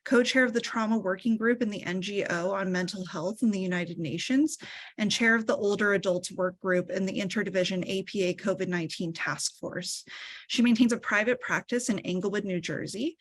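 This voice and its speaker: A woman hosting an event, reading out the speakers' introductions in a steady, scripted way. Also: medium pitch, brisk. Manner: reads scripted bios steadily. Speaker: event host.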